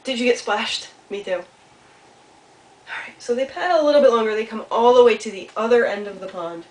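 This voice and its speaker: A woman's voice: on the high side, a little fast. Woman reading a children's story aloud. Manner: lively, talks to young listeners. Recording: echoey room, mic far off, faint ambience.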